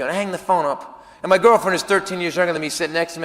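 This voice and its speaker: A man telling a stand-up comedy story, animated and yelling his punchlines. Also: fairly high pitch, very fast, in a large hall.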